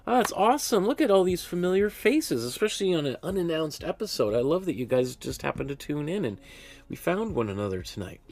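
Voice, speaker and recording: A man's voice: fairly high pitch, very animated, fairly quick. A man hosting a live painting class from his studio, talking in a chatty, rambling way and often laughing at himself. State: hiccups. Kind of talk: casual live-stream teaching. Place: art studio.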